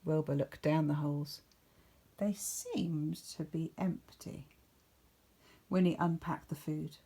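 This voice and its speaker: A woman teacher reading a picture book aloud to children, expressive and playful with whispered asides. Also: low-pitched, takes it slowly, husky. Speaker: primary school teacher.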